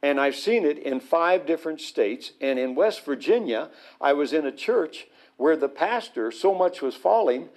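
A man's voice: fairly high pitch, normal speed, few pauses. A man telling a story animatedly as a guest on a Christian talk show. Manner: animated anecdote, acts out the voices. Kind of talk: storytelling testimony.

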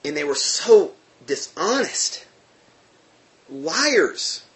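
Male storyteller, slightly high voice, emphatic personal testimony, restarts mid-sentence. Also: drawn-out words. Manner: animated, emphatic, with frequent restarts.

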